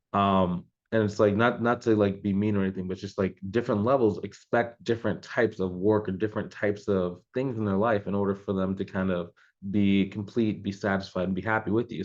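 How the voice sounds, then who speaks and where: A man's voice: fairly low pitch, muffled recording. A man coaching business owners in a loose, conversational way, with many fillers and restarts. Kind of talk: casual advice talk to camera.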